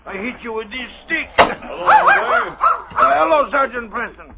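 An actor playing an excitable woodsman speaking broken English, in 1940s radio acting. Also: extremely high pitch, measured pace, gravelly, narrow, tinny audio, exaggerated voice. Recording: old radio broadcast, phone-thin, very noisy.

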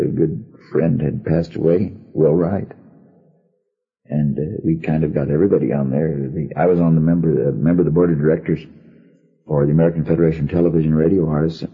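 An older man tells an old show-business story at an easy, wry pace. His voice sits extremely low and gravelly-deep. The sound is dull and lo-fi, like an old archive tape. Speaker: radio actor reminiscing. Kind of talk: anecdotal storytelling.

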